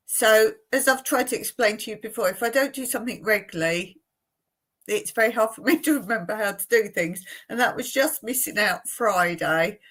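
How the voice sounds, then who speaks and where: A chatty woman vlogging from her home, speaking at a middling pitch. She rambles casually, breaking into frequent laughs. Her tone is homely and conversational. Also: a bit bright. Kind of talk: casual chat to camera. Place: at home indoors.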